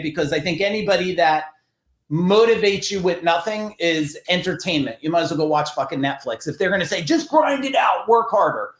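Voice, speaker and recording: A middle-aged man from New Jersey with a New Jersey accent, a podcast guest telling business stories in a blunt, profane, animated way. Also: on the high side, roomy sound. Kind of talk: casual podcast storytelling.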